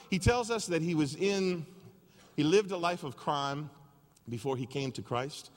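A male pastor preaching a sermon and telling a story with lively energy. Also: on the high side, a little slow. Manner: animated storytelling. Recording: long reverb of a large hall.

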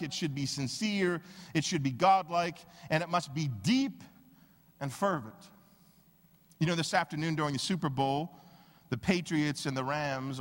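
A man preaching a sermon as pastor, telling stories with animated, acted-out quotes. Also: on the high side, long reverb tail. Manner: animated storytelling, acts out quoted voices.

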